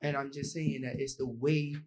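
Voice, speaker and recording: A man's voice: mid-range voice, fairly even intonation, normal speed, darkish tone, low-quality recording. Earnest young man speaking from the floor. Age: young adult. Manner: earnest, acts out example dialogue. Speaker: audience member, university student. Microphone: audience microphone.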